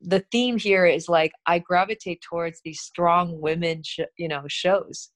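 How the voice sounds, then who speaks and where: A middle-aged woman, a TV host, chatting in an interview in an animated way, laughing often and restarting her sentences. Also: on the low side, unhurried. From Korean heritage. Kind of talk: casual interview chat.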